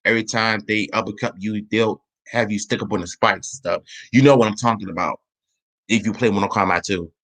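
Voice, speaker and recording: Man, casual trailer review, low voice, rambling, trips over words. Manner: rambling, restarts, says he talks fast when excited. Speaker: channel host.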